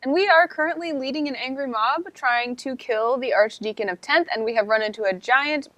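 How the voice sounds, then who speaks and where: A woman's voice: sits high, a little fast, a bit bright, dry recording, muffled recording. A woman playing a tabletop game, talking in an upbeat, chatty way. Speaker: player. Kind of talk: casual tabletop play.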